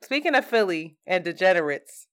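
A woman's voice: on the low side, very animated, moderate pace, a bit bright, clear, resonant tone. A woman with a Philadelphia accent co-hosting a podcast in casual chat, slangy and laughing often, recorded on a makeshift setup in a basement. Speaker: podcast co-host. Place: basement, on the floor. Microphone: makeshift setup without her recording gear.

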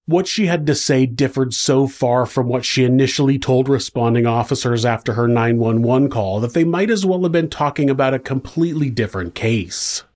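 A man's voice: medium pitch, normal speed, hardly any pauses, darkish tone. A man reading a scripted true-crime narration with dry, sardonic asides.

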